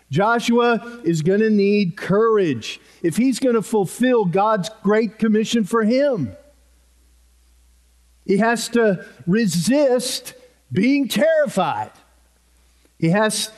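Slow, high-voiced earnest preacher man. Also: a little mellow. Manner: earnest, emphatic, repeats key phrases. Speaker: pastor. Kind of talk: sermon.

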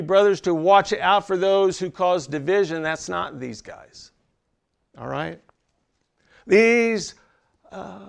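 In a church, a pastor with a gravelly, high voice preaches a sermon slowly. He is emphatic and conversational, making asides to the congregation.

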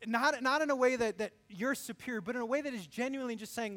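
A man preaching a sermon in a high, bright register. He talks in an animated way and briefly acts out the voices he quotes, then drops back into teaching. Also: brisk. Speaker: pastor.

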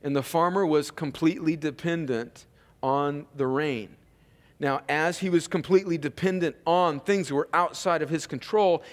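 A man's voice: fairly high pitch, moderate pace. Earnest preaching man in a reverberant hall. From Southern California. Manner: earnest, conversational preaching, often addressing listeners as friends. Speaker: pastor. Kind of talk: sermon. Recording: long reverb of a large hall.

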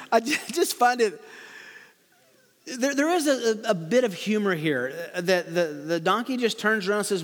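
A man with a high voice tells a Bible story to children, reading verses and stopping to explain in an animated, amused way. His voice carries a long hall reverb, as if recorded in a large church room. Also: moderate pace. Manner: animated storytelling, chuckles at funny bits. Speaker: preacher teaching children. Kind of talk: Bible lesson for kids, read-aloud with commentary.

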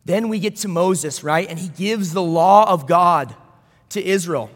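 A man's voice: sits high, unhurried, big-room sound. A man pastor preaching a sermon in a conversational way, with storytelling asides.

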